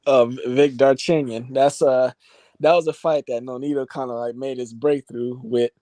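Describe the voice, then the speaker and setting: A man's voice: mid-range voice, steady tone, normal speed, warm tone, no echo. A man co-hosting a casual chat, explaining fight history with many fillers. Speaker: co-host boxing fan.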